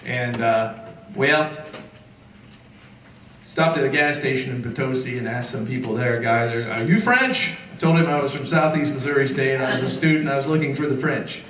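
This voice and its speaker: A middle-aged man from southeastern Illinois telling a story to a live audience, acting out the quotes in a lively, folksy way. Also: mid-range voice, a little fast, a little hiss or hum. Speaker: musician and folklorist. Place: lecture hall. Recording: echoey hall recorded from far off.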